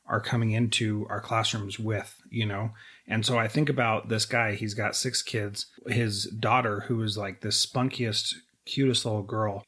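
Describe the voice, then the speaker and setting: A man's voice: lowish voice, fairly bright tone. A middle-aged man hosting an interview podcast, earnest and emotional as he talks and asks questions. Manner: earnest, emotional when talking about loss. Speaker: podcast host.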